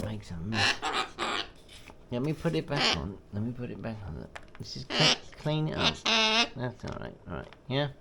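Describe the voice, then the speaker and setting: A man's voice: medium pitch, very animated, moderate pace, creaky, background noise. A man chatting to his pet bird in a vlog, with playful baby talk and cheering. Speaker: pet owner and channel host.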